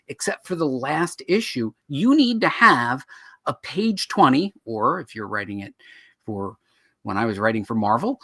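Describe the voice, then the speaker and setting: A man's voice: mid-range voice, no echo, studio quality. A man co-hosting a show on writing comics, explaining in casual chat and acting out quoted reactions. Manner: animated, acts out quoted reactions.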